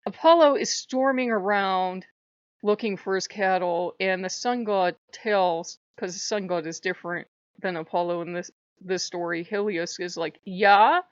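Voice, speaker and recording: A woman hosting her channel, telling myths casually with an animated, irreverent manner, on a dull lo-fi recording. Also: on the low side, normal speed, no room sound. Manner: animated, irreverent, laughs often. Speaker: channel host. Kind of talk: casual mythology storytelling.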